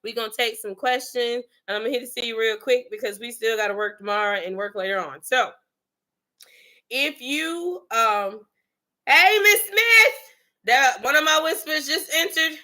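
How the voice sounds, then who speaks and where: Her voice is a little high and sharp, and she talks fairly quickly with hardly any pauses. She's a livestream host from the Bronx, New York, chatting casually and greeting viewers by name.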